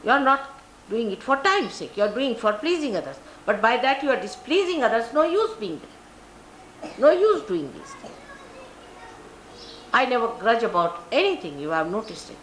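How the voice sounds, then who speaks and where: This older spiritual teacher from India has a slightly high, sing-song voice with a fairly bright tone, speaking at a moderate pace with long pauses in an Indian English accent. She gives a spiritual talk, telling stories and acting out the people she quotes. The roomy archival live recording has slight background noise.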